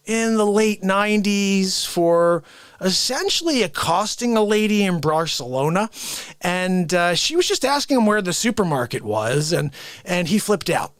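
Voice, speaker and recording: A man's voice: on the high side, fairly bright tone, no room sound, clean studio sound. A man hosting a livestream, telling a rambling comic story in a casual, self-interrupting way. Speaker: livestream host.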